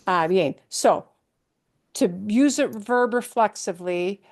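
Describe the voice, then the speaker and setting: Woman, Spanish teacher, unhurried delivery, patient explanations, frequent check-ins, switches between English and Spanish. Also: medium pitch, darkish tone. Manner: slow, patient explaining with many checks like "right?". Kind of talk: live language lesson.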